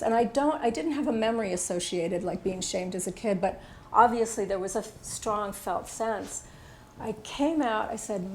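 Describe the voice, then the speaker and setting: A woman's voice: mid-range voice, moderate pace, slight background noise. Candid older woman teaching a workshop. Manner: candid, personal storytelling with fillers. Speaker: workshop instructor. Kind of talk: casual workshop talk.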